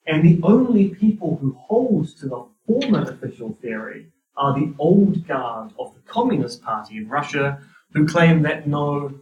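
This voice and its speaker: A man with a New Zealand accent giving a university lecture, with a wry, dry sense of humor. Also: medium pitch. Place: lecture hall. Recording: roomy hall, distant mic.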